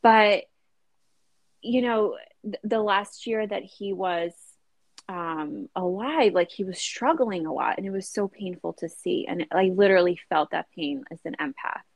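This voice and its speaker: A woman's voice: mid-range voice, measured pace, dry recording. Chatty woman with a dry sound. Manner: chatty, frequent fillers like "like" and "you know". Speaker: guest. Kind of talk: casual conversational interview.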